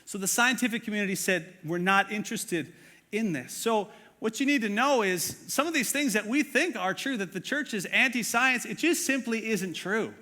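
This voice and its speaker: A man's voice: sits high, lively intonation, normal speed, sharp tone, in a large hall. A man preaching a sermon as pastor, earnest and conversational, with many fillers and questions to the congregation. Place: church auditorium.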